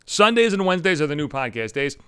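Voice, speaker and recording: A young man rants into his podcast mic, swearing constantly as his fairly high voice swings widely up and down. The sound is close and dry, with no room behind it. He talks the way a fed-up host vents to his listeners. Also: big pitch swings, fast talker, fairly bright tone, smooth, no echo. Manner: angry, profane, ranting. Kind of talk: solo podcast rant.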